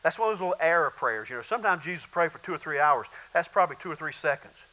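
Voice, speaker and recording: A male pastor preaching a sermon in a conversational way, with sudden loud bursts and laughter. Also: fairly high pitch, expressive, fast, rough recording.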